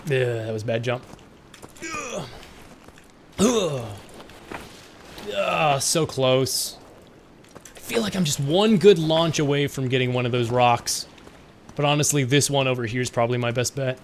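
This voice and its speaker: A man's voice: medium pitch, normal speed, a little hiss or hum. A male streamer giving casual gameplay commentary, rambling and self-mocking with frequent laughs.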